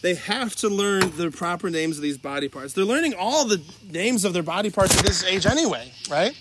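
Animated man telling classroom stories. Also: high voice, brisk, noisy background. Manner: lively, laughing, acts out voices of students. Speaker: sex education teacher. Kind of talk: animated storytelling and advice.

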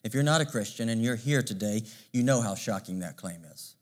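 A male pastor preaching a sermon, measured and emphatic, asking rhetorical questions. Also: mid-range voice, expressive.

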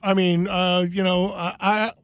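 Casual storyteller, man, high voice, dry close mic, animated anecdotes. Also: a little slow, clear, resonant tone, dry recording.

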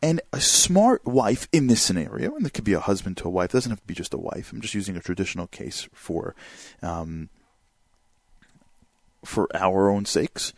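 A man giving a motivational talk. He speaks in an animated way, fills his speech with "like" and "you know", and keeps asking rhetorical questions. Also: deep voice, normal speed, dry recording, clean studio sound. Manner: animated, asks rhetorical questions and acts out examples; many fillers such as "like" and "you know".

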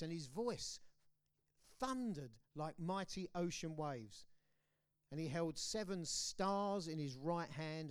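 A man with a British accent preaching a sermon, swinging between loud declarations and hushed, low lines. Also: clean tone. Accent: British English. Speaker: pastor. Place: church hall.

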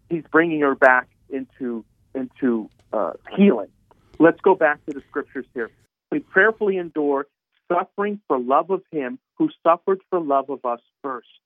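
A male Catholic priest speaks earnestly, stumbling over and repeating his words as he preaches. His voice sits a little high and dry. It comes through a thin, tinny phone line with no room sound. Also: dry recording. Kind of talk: radio talk on faith. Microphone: telephone.

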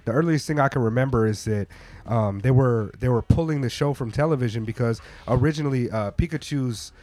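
A man's voice: mid-range voice, fairly quick, mellow. A man in casual chat, talking in a laid-back, slangy way.

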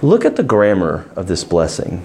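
A man leading an interactive Bible study, asking his class questions and stressing key words with animated emphasis. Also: deep voice, moderate pace, slight background noise.

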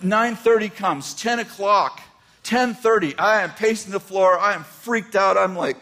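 An older man preaching a sermon, telling a personal story with animated swings from hushed asides to near shouts. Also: high voice, a little slow. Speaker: pastor.

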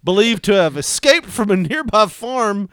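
Male podcast co-host, high lively voice, laughs through his own jokes. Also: normal speed, slight background noise. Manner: laughs often, reads headlines aloud, jokey. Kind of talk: casual comedic chat.

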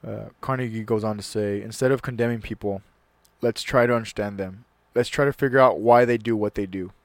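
A man's voice: fairly low pitch, steady tone, a little fast, no echo. A man hosting a solo talk show, chatting casually and reading a passage aloud earnestly, sometimes stumbling and restarting words.

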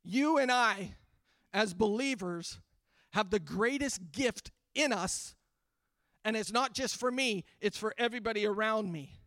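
A man's voice: sits high, a little slow, pushed and bright, dry recording, clean studio sound. A man preaching a sermon, earnest and building fervor with repeated refrains. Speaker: pastor. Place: church livestream during pandemic.

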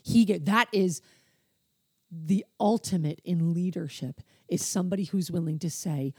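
A woman's voice: on the low side, moderate pace, a little mellow, breathy edge, no echo, studio quality. A woman co-hosting a faith discussion podcast, speaking earnestly and with emotion, often in a preaching tone. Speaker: podcast co-host.

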